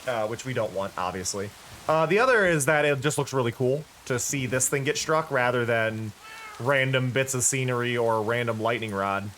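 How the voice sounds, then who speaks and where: A man's voice: medium pitch, normal speed, a bit bright, a little hiss or hum. A tired-sounding man streaming a game, thinking aloud in casual commentary with frequent restarts. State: tired, yawning.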